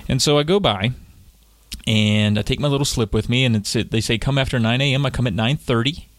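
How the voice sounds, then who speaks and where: Fast-talking animated man telling a story. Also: mid-range voice, dry recording. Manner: animated storyteller acting out dialogue. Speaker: podcast co-host. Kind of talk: casual storytelling chat.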